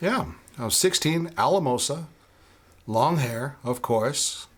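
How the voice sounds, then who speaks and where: A man's voice: medium pitch, lively intonation, slow. A man in his forties, co-hosting a podcast in an easygoing, agreeable way. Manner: laid-back, easygoing, agrees a lot. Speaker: podcast co-host. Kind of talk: casual chat.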